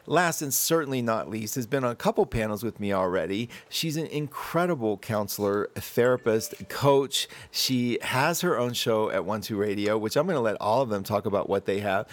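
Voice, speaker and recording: A man's voice: fairly low pitch, moderate pace, hardly any pauses. A man hosting an online panel in casual chat, rambling and laughing often. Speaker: host. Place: Colorado mountains.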